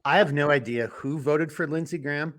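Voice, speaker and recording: A man co-hosting a podcast in casual political chat, animated and emphatic, his voice jumping up when he gets excited. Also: fairly high pitch, a little fast. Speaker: podcast co-host.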